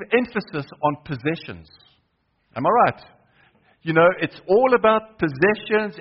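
A man's voice: a little high, slightly rough, lo-fi sound. A man preaching a sermon in church, often asking the congregation questions and repeating key phrases for weight. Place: church hall.

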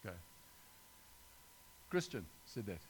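A man's voice: on the low side, big pitch swings, slow, breathy edge. A middle-aged man preaching an informal sermon, talking conversationally with frequent restarts and asides to his listeners.

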